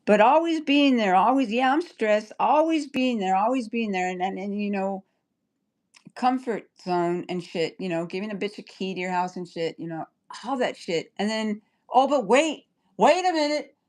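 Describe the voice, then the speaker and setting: A woman rants heatedly on a livestream, swearing nonstop and circling back on herself. Her voice sits at an ordinary middle pitch, her talk rambling and worked up. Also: normal speed, a little mellow. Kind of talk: angry livestream rant.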